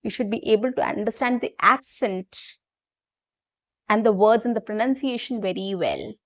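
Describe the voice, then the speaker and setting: A woman's voice: medium pitch, expressive, moderate pace, a bit bright. A woman teaching a spoken English lesson to her viewers, patient and repeating her points with fillers.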